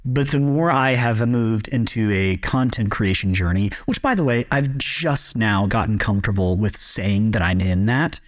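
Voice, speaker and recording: A man's voice: on the low side, moderate pace, few pauses. Earnest, reflective male podcast host. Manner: earnest and reflective, some hesitations. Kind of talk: casual interview chat.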